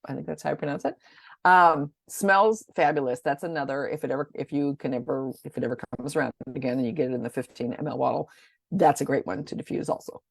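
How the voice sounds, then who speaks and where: A woman's voice: extremely low pitch, quick pace, creaky, no echo, studio quality. A woman presenting products in a casual, rambling rundown. She talks chattily and often stumbles over names. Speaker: essential oil presenter.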